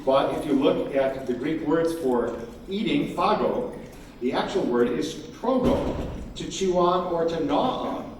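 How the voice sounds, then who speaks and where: Male keynote speaker, animated, slightly high; distant, reverberant hall with faint room noise. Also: a little slow. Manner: animated, emphatic, acts out crowd quotes. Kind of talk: conference talk. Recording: echoey hall from far off, faint ambience.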